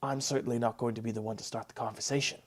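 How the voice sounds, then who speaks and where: A man's voice: medium pitch, steady tone, racing, very noisy. A man playing a tabletop game, speaking in a cautious, matter-of-fact way. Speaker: player. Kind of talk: casual tabletop play.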